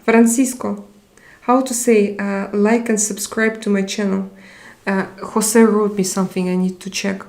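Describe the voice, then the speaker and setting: Slow-talking woman streamer. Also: medium pitch, flat delivery, darkish tone. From Russia. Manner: reads viewer comments aloud and answers them. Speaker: live stream host. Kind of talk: casual live chat reading comments.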